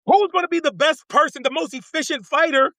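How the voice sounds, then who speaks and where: Fired-up man, high bright voice. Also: brisk, no echo. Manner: passionate, repeats himself, swears. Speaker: congressional candidate guest. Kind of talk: fired-up casual talk.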